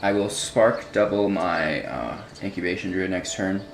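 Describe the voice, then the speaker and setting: A man giving relaxed, casual commentary while playing a card game, thinking out loud about his moves. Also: sits low, measured pace, a little hiss or hum. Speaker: gameplay streamer. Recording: music clearly under the voice.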